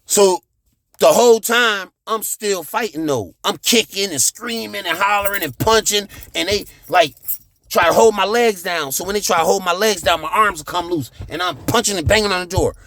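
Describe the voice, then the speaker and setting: A man telling a profane childhood story, animated, with sound effects and shouted reenactments. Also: high voice, moderate pace, no echo. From United States.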